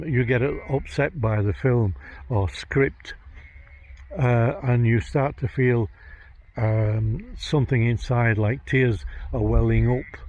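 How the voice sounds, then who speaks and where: A man working as a psychic medium, narrating a vlog outdoors in a graveyard, talking in a halting, hesitant way as he searches for words. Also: mid-range voice, a little mellow. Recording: dull lo-fi outdoor recording.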